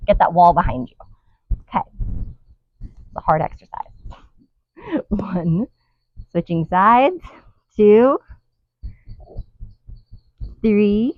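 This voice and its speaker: A woman's voice: fairly low pitch, no room sound, narrow, tinny audio. A woman leading a guided workout outdoors, counting reps and coaching with light laughs. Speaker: fitness instructor. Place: outdoors in the wind.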